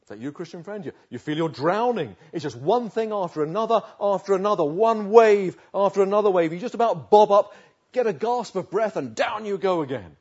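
Husky preacher with big dynamic swings. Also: male voice, high-pitched, expressive. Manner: dramatic swings from loud urging to hushed, slow pleading. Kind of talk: sermon. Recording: dull lo-fi recording.

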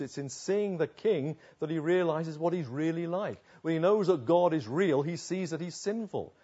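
A man preaching a sermon, earnest, swinging between emphatic declamation and quiet, low asides. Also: moderate pace, few pauses, breathy edge, lo-fi sound.

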